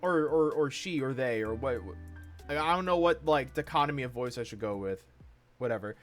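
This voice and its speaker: Animated, cursing streamer man. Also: medium pitch, a little fast, soft background music. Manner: animated, swears a lot, excitable outbursts. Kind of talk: reading a webcomic aloud with commentary.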